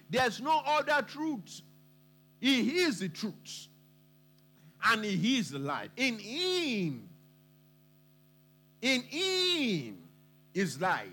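A man's voice: high voice, pushed and bright. A man preaching a sermon to his congregation, emphatic and repeating his points for weight.

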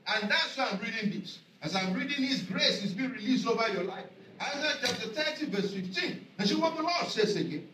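A man preaching a sermon, stressing scripture phrases by repeating them slowly. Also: extremely high pitch, sharp tone, a little hiss or hum. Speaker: pastor. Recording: echoey room, voice from a distance.

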